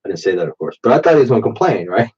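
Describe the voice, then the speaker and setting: A man in his late thirties rambles through profane stories on a late-night stream. His voice is low, dark and husky, thickened by a stuffy allergic nose. It comes through a dull, muffled default mic. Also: sing-song, very fast. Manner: profane, rambling, drinking while talking. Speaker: live-stream host.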